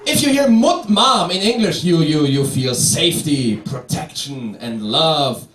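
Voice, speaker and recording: A young man with a German accent performing a stand-up comedy set, wry and animated, with fillers and restarts. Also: a little high, measured pace. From Bavaria, Germany. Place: comedy club stage. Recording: echoey club from a distance with crowd laughter. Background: audience laughter and noise.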